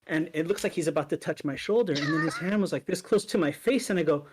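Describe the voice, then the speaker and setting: A man in a casual chat, telling a story and acting out the quotes with lively energy. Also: on the high side, fast talker, background noise.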